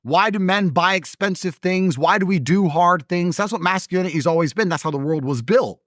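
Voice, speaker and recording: A man talking as an interview guest in a forceful, opinionated way. He is blunt, swears, and mimics other people's voices in his stories. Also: sits high, a little fast, no room sound, clean studio sound.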